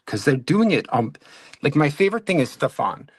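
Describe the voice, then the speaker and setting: A man's voice: fairly high pitch, sing-song, fairly quick, a little hiss or hum. A man in casual chat, talking in a rambling way with fillers and restarts.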